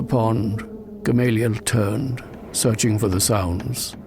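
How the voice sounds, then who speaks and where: Slow, deep-voiced man reading a tense story. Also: fairly even intonation, background noise. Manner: slow, measured and suspenseful, rising to sharp cries at tense moments. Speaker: audiobook narrator. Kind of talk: dramatic first-person story reading.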